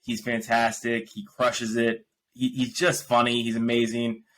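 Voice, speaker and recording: A man's voice: medium pitch, measured pace, a little hiss or hum, poor audio. A man hosting a podcast, chatting casually and ranting animatedly about films and shows he watched. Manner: animated, ranting, laughs often. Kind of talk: casual review chat.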